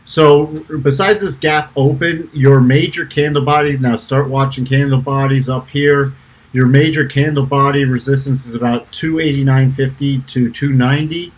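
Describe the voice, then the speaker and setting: A man's voice: mid-range voice, fairly even intonation, normal speed, rough recording. A middle-aged man hosting his trading channel, talking through chart analysis in a rambling, self-correcting way with fillers. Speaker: trading channel co-founder and host. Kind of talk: casual chart analysis walkthrough.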